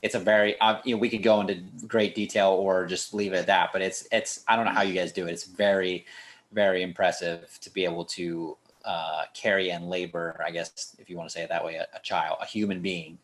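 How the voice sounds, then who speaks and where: Brief: young male podcast host, fairly low voice, rambling and chatty, full of "like" fillers. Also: little pitch movement, brisk. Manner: rambling, lots of "like" fillers and restarts. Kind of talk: casual podcast chat.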